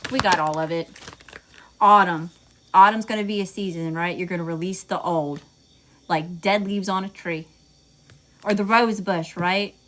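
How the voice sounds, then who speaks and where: A woman's voice: medium pitch, fairly bright tone. A woman with a Southern US accent giving a casual tarot reading, chatty and swearing freely as she talks to her audience. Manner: chatty, swears freely, says y'all a lot, laughs at herself. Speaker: tarot reader.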